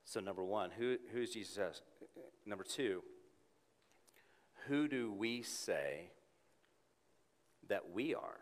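A man's voice: lowish voice, lively intonation, slow pace, pauses often. Man preaching in a reverberant hall. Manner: earnest, rising to emphatic peaks then dropping to a soft hush. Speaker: pastor. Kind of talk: sermon. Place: church sanctuary with congregation.

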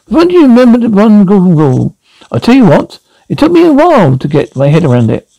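An actor playing an excitable middle-aged uncle who rambles on, eager to explain things in a sitcom scene. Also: male voice, sits high, quick pace, gravelly, no room sound, full character voice, low-quality recording. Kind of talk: sitcom acting.

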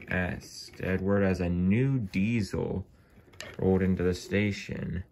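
A man narrating a home-made toy train story in a plain, unhurried way. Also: low-pitched, steady tone, a little mellow, slight background noise.

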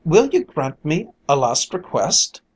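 Reader voicing a frightened rustic man in a storybook; pleading, slow. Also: mid-range voice, sing-song, darkish tone, breathy edge. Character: frightened Irish man who hoards his luck.

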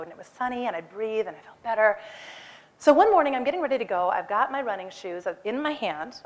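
A woman in her forties giving a talk on stage, lively and acting out her own lines with a raised voice. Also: mid-range voice. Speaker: speaker. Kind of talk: animated personal storytelling talk.

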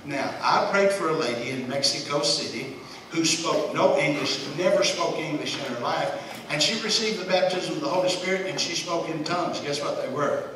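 Brief: folksy Bible study teacher, man, bright forceful voice, recorded from a distance. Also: fairly high pitch, normal speed. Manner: folksy, conversational, chuckles often. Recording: echoey room, distant mic, faint hiss.

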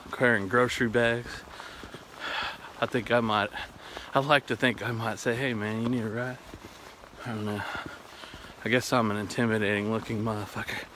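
Outdoors in a snowstorm and later at home, a man with a US Pacific Northwest accent delivers a casual vlog monologue, rambling in a laid-back way and swearing freely to his viewers. His voice is fairly low, against a noisy background.

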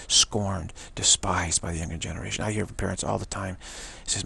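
A man's low, husky, gravelly voice sounds pushed and bright, with fairly even intonation, a moderate pace, and few pauses. He gives an informal sermon as a spiritual teacher, rambling, repeating himself, restarting, and making emphatic statements.

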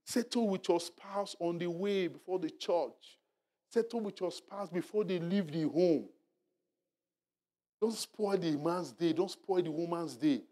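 Animated preaching pastor, a man. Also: high voice, a little slow. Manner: animated preaching, drops to a hushed murmur when acting out apologies; repetitive, exhorting. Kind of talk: Bible study sermon. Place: church hall.

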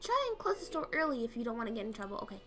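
Role: streamer. Sex: woman. Style: casual gameplay commentary. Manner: excitable, jumpy, swears a lot. Pitch: high and bouncing. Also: rapid-fire, music in the background.

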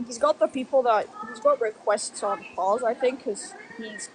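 Young dutch woman, livestream host, rambling chat, fairly high voice. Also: moderate pace. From Netherlands. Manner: chatty, rambling, laughs often, restarts sentences. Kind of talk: casual livestream chat reading viewer comments.

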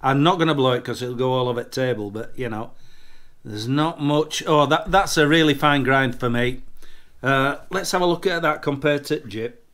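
A tipsy man hosts a casual snuff review on his channel, boisterous and jokey and swearing freely as he chats from drinking. His voice is medium in pitch and a bit bright, at a moderate pace.

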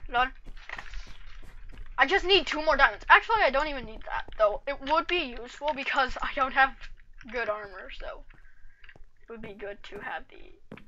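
A woman with a high, bright voice talks through her gameplay, boasting about herself and mocking her opponents. She speaks at an easy, unhurried pace, chatting as she plays, with faint game music running underneath. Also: muffled recording, slight background noise. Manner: cocky, trash-talking, chatty. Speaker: gaming channel host. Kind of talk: live gameplay commentary.

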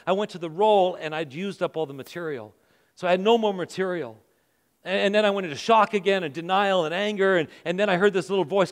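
A man's voice: sits high, a little fast. Man preaching in a reverberant church hall. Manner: storytelling, acts out his own thoughts with rising intensity. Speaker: pastor. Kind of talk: sermon. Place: church auditorium.

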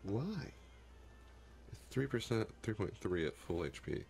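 A young man commentates his own game run with a deep, low voice. A gravelly fry runs through his speech as he curses the game in frustration. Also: very animated, a little slow, darkish tone. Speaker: gaming YouTuber. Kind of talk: profane Let's Play commentary.

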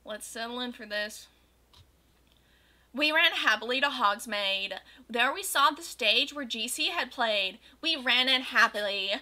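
A young woman reading a fanfiction aloud, dropping sarcastic, deadpan asides between passages. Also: fairly high pitch, a little slow. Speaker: reader of fanfiction. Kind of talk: mocking read-aloud with asides.

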